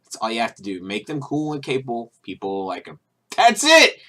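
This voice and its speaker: In another stretch of his opinion video, the host talks quickly and animatedly in a fairly low voice, still restarting, using fillers, and tossing off annoyed, sarcastic remarks.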